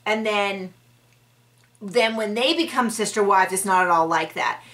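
A woman's voice: mid-range voice, measured pace, fairly bright tone, far from the mic. A young woman recapping a reality TV episode in casual commentary, sarcastic and exasperated, now and then mocking people in put-on voices. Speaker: recap reviewer.

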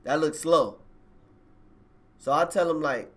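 Man, slightly high voice, slangy, rambling, talks straight to viewers, phone mic at home. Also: slow. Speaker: live streamer telling a personal story. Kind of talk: casual storytelling on a livestream.

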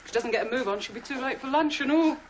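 An actress as a bossy kitchen cook, scolding manner, very high voice, noisy 1980s TV drama audio. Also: female voice, fast talker, lightly acted. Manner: sharp, scolding.

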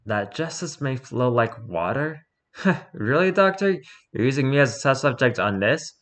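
A man's voice: mid-range voice, sing-song, moderate pace, a bit bright. A man voicing a scoffing, defensive male convict who insists he is innocent. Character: dismissive, sarcastic male convict.

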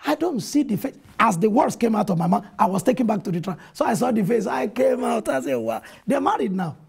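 A man's voice: high voice, animated, brisk, gravelly, slightly rough. A pastor telling his stories of faith in a TV interview, earnestly quoting scripture and retelling events with animation. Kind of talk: testimony in a TV interview. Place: TV studio.

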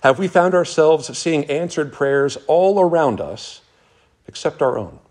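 A man preaching a sermon as pastor, reading scripture passages aloud with earnest, dramatic pauses. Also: a little high, expressive, a little mellow.

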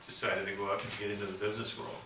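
A man in his sixties from Canada giving a keynote speech, telling stories in a folksy, halting way full of fillers and restarts. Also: fairly low pitch, level tone, heavy background noise. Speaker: keynote speaker. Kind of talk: storytelling speech. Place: conference hall. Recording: roomy, distant venue recording with faint ambience.

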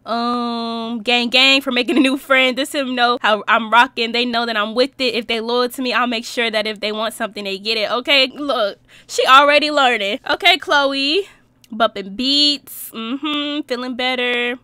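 A young woman casually commenting on her life-simulation gameplay, slangy and animated, reacting and laughing at what happens on screen. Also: on the high side, normal speed, no echo. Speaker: Sims let's-play host.

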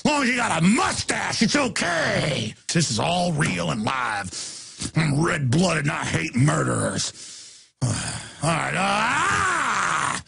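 A man hosting a talk show, delivering a furious, insulting ranting monologue with a gravelly, raspy voice. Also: fairly high pitch, wildly swooping pitch, slow, sharp tone.

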